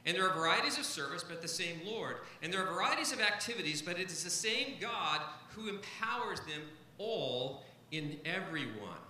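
A man's voice: sits high, big pitch swings, moderate pace, sharp tone, echoey room, a little hiss or hum, low-quality recording. A man, a pastor, preaching a sermon to a congregation, stressing key points by repeating them. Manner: emphatic, repeats key phrases.

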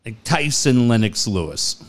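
A middle-aged man, a radio co-host, retelling an old listener story in casual chat with quick, animated delivery. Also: mid-range voice.

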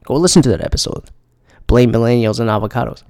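A man's voice: medium pitch, quick pace, a little mellow. A young man hosting a podcast, in a rambling, profane, exasperated monologue. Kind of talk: casual ranting monologue.

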